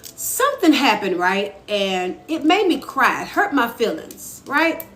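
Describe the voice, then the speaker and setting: A woman's voice: a little high, big pitch swings, unhurried, fairly bright tone. A young woman talking casually to viewers on a live stream, answering their comments as she goes. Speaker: author and live-stream host. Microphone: phone. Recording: echoey room with faint ambient noise.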